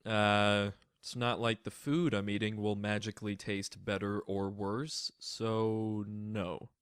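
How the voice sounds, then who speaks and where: A blunt, aloof young male senior student from a dating game, as a woman acts him out. The voice is lowered, smooth and resonant, and he speaks in a flat, matter-of-fact way. The recording is close and dry. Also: slow, no echo. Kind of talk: reading an otome game aloud.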